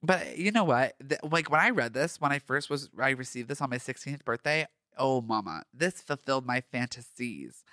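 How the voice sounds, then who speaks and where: A man's voice: mid-range voice, lively intonation, normal speed, hardly any pauses, pushed and bright, no echo, clean studio sound. A man hosting a podcast who reads his own fan fiction aloud, breaking off for campy, gushing, self-mocking asides. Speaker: podcast host.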